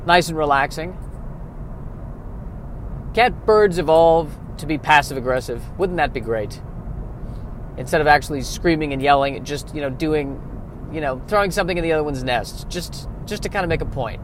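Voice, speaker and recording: A man's voice: on the high side, normal speed, pauses often, a little hiss or hum. A man hosting a casual comedic solo podcast, rambling in a self-deprecating way and often restarting his sentences. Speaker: podcast host.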